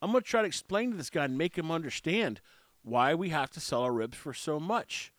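A fairly high-pitched man with blocked-up sinuses speaks briskly and with lively intonation, his voice captured dry and clean in a studio. He owns a barbecue restaurant and brewery, and he rambles through stories in a casual monologue, playing both parts of each conversation.

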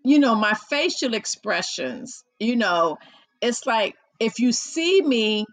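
A woman's voice: a little high, very animated, slow, no echo, poor audio. A woman hosting a podcast in casual chat with a caller, chatty and self-deprecating, laughing often and admitting she feels nervous. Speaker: podcast host.

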